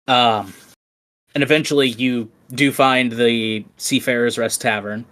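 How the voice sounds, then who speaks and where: A game master leads a tabletop game in an easygoing voice of middle pitch and laughs easily along with the players. The narration stays casual. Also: steady tone, unhurried, fairly bright tone.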